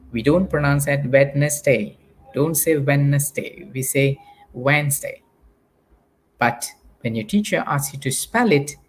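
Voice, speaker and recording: Give me a patient Malaysian English teacher with a husky voice, running a live spelling lesson online. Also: male voice, mid-range voice. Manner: patient, repeats words to drill pronunciation. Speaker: primary school English teacher.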